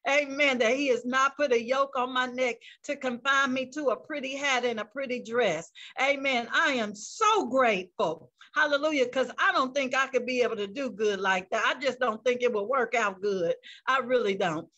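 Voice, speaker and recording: Woman, pastor, fervent sermon, high voice, bright tone, video call mic. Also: moderate pace, hardly any pauses, muffled recording. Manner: fervent, peppers speech with praise interjections.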